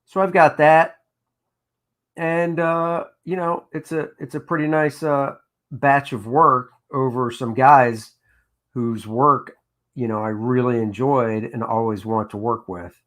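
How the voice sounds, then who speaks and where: A man's voice: mid-range voice, steady tone, takes it slowly, fairly bright tone. An older man who inks comics, casually telling stories of his work on a live drawing stream and reading out viewer comments. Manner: chatty anecdotal storyteller, reads out chat comments. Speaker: comic book inker hosting a drawing stream.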